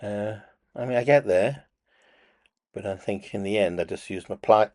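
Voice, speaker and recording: A man's voice: on the low side, moderate pace, darkish tone. A man casually narrating his own watch-building hobby, chatty and self-deprecating.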